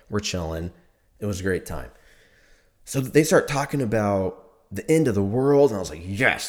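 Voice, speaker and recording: Rambling profane young man, lowish voice. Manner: rambling, profane, laughs often. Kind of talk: casual storytelling monologue.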